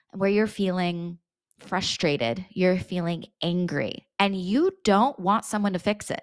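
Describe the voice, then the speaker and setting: A woman's voice: fairly low pitch, dry recording, studio quality. A woman talking in a casual, earnest way about handling emotions, repeating phrases and swearing now and then. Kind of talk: casual spoken advice monologue.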